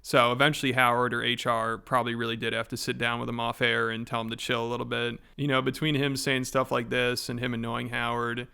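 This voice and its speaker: A man's voice: medium pitch, level tone, fairly quick, creaky, few pauses, sharp tone, clean tone. A man casually recapping a story for a commentary video, in a chatty, informal way.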